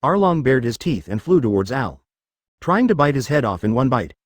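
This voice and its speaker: Man narrating a story with a lively pitch. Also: moderate pace, no echo, studio quality. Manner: reads page artifacts and sound words flatly, even cadence. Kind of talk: read-aloud fan fiction narration.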